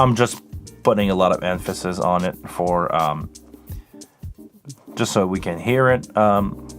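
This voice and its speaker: Man demoing audio gear. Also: on the low side. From Montreal, Canada. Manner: hands-on, explanatory, talks while adjusting settings. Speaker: live sound engineer hosting a Q&A stream. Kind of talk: live-stream tech demo and Q&A. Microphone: close vocal microphone running through a mixing console.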